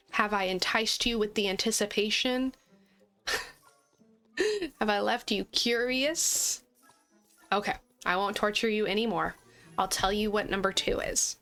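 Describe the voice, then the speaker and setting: A woman hosting a gaming channel chats casually and playfully as she plays, giggling often. Her voice is mid-range and a bit bright.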